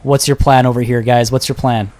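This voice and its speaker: A man's voice: medium pitch, little pitch movement, brisk, darkish tone. A young man casts a multiplayer strategy match on a livestream, chatting freely with his viewers. He reads their comments aloud, laughs often and keeps a loose, friendly flow of talk between the plays. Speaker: livestream host and game caster. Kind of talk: casual livestream chat and game commentary.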